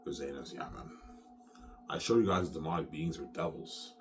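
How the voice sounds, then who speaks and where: A man's voice: rumbling low, normal speed, recorded from a distance, faint music behind. A man rambling casually to his viewers, repeating himself and tossing in "man" and "yeah". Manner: repetitive, keeps saying "man" and "yeah".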